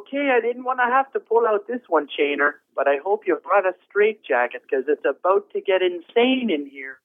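Man voicing a high-pitched, folksy older roadie who rambles into anticlimaxes, heard on a tinny phone line. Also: expressive, no room sound. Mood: rambling. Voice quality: folksy rambling with frequent chuckles. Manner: drawn-out anticlimactic storytelling. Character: rambling old male rock roadie, folksy and easily amused. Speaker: phone-in guest. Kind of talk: comedy phone interview sketch.

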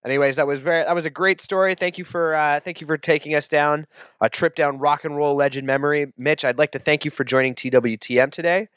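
Deadpan male podcast host. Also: on the high side, quick pace, clean tone, dry recording, studio quality. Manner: deadpan, politely prodding. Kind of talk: comedy interview.

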